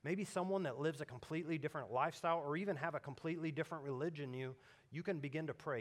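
A man preaching a sermon, animated in his stories and turning hushed and earnest when he appeals to his listeners. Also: fairly high pitch, fast talker. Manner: animated storytelling, swings between loud emphatic peaks and hushed earnest appeals. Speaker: pastor.

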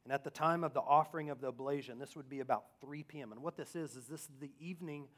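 A man preaching a sermon, asking rhetorical questions and swinging between loud emphasis and hushed asides. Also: on the high side, fast talker.

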